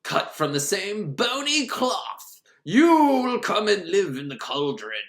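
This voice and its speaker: A hungry, ancient talking cauldron speaks in slow, drawn-out pronouncements, as a man puts it on. Its voice rises a little higher than the man's own, with a lively, swooping pitch. The sound rings out in an echoey room. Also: full character voice. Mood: ominous. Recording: roomy echo.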